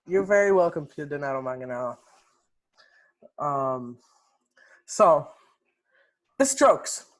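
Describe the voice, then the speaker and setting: A man's voice: fairly high pitch, expressive, slow. A young man co-hosting a podcast in casual chat, laid-back and teasing. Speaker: podcast co-host.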